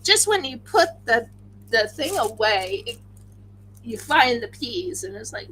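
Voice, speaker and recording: Slow-talking, bright-voiced tired woman. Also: on the high side, a little hiss or hum, poor audio. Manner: chatty, excitable, talks to herself as she works. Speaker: crafting livestream host. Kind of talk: casual chat while crafting.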